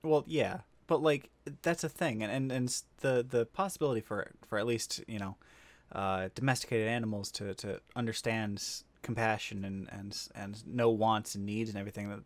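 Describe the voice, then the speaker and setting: A man's voice: on the low side, fairly even intonation, normal speed, dry recording. A man hosting a casual podcast, rambling and swearing freely with frequent restarts. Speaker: podcast host. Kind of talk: casual chat.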